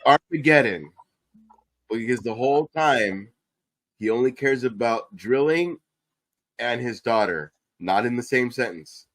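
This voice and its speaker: A man's voice: mid-range voice, animated, a little slow, fairly bright tone, no room sound. Blunt, joking man on a podcast. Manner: blunt, joking, swears freely. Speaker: podcast co-host. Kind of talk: casual chat.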